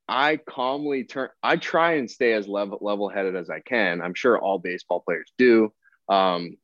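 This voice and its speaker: A man's voice: lowish voice, dry recording. A young man, a pro baseball player, telling a story casually as a podcast guest and acting out the people in it. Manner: relaxed, chatty, quotes people in dialogue. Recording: dull, lo-fi dry sound.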